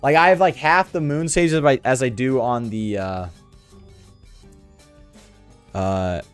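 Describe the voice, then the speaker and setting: A young man with a sore throat giving slangy, excitable commentary while playing a video game. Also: mid-range voice, slow, clear, resonant tone, faint music behind. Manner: slangy, excitable, lots of "dude" and "bro". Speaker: gaming video host.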